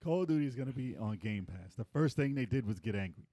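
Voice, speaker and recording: Animated husky-voiced man chatting. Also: fast, no echo. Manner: animated, laughs often, acts out quotes in a high voice. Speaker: podcast co-host. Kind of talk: casual chat.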